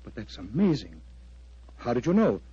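A man's voice: medium pitch, wildly swooping pitch, normal speed, dark tone, husky, dry recording, heavily acted. An actor playing an agitated, earnest clergyman in a vintage radio drama, pleading and intense. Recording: dry, dull lo-fi old radio recording.

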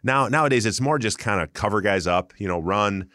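A middle-aged man with a very low, deep voice tells relaxed, self-deprecating stories as a guest in a sports interview. The sound is close and dry, with no room echo. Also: fairly quick. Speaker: guest, former pro football lineman. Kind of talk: casual sports interview chat.

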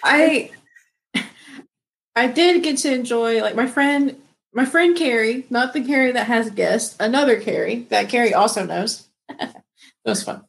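A woman with a gravelly, somewhat high voice chats casually on a podcast. She rambles through a story and laughs along the way. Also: measured pace, pauses often. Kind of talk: casual chat.

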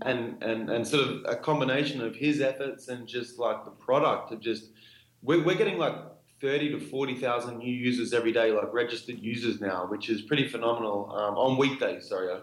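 A laid-back man tells stories in a relaxed, rambling way, full of "like" and restarts. His voice sits at an ordinary middle pitch. It rings in a roomy, echoing space. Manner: laid-back, lots of fillers and "like". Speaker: startup co-founder. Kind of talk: casual interview storytelling.

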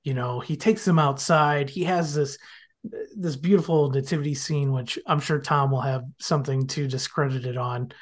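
Man, podcast guest, casual recap, lively storytelling, mid-pitched voice. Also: normal speed. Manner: animated storytelling, acting out characters' lines.

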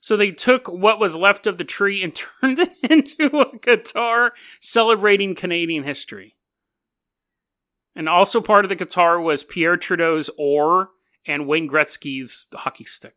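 A man's voice: high-pitched, unhurried. A man hosting a casual storytelling podcast, joking and laughing often as he talks. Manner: laughs often, jokey and animated. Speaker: podcast host.

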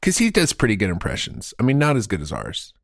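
A man's voice: lowish voice, wildly swooping pitch, fast, gravelly, no room sound, clean studio sound. A man co-hosting a comedy podcast, riffing in goofy improvised banter and dropping into silly voices. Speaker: podcast co-host.

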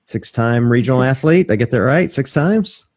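A man's voice: mid-range voice, animated, moderate pace, darkish tone, husky. A man from Mississippi hosting a casual interview over a video call, rambling and self-deprecating, chuckling as he talks. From Mississippi, USA. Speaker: podcast host.

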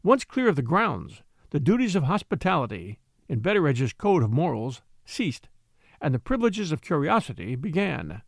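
A man reads a classic novel aloud with measured, expressive storytelling. His fairly high voice moves up and down a great deal, and the sound is dry and close. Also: creaky, dry recording. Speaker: audiobook reader.

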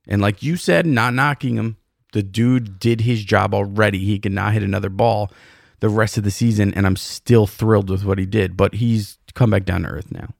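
A man co-hosting a sports podcast, teasing his partner in loose, joking banter. His voice sits low with a gravelly fry. The recording is dry and close. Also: fairly even intonation, moderate pace, dry recording. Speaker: podcast co-host. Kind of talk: casual sports chat.

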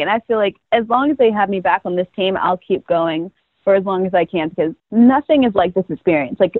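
A woman's voice: mid-range voice, a little fast, no echo. A young woman in her twenties, a first-year pro cheerleader, chatting bubbly in an interview and laughing often. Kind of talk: casual interview storytelling. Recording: tinny phone-like line, dry.

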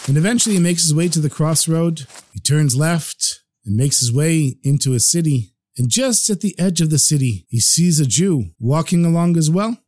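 Expressive male storyteller, dry voice. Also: a little high, moderate pace, few pauses, no room sound. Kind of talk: podcast story narration.

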